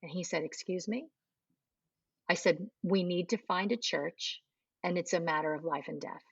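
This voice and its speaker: A woman's voice: on the low side, steady tone, moderate pace, gravelly, slightly rough, dry recording, muffled recording. A middle-aged woman telling a personal testimony in an interview, acting out the dialogue she recalls. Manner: storytelling, acts out quoted dialogue. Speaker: guest.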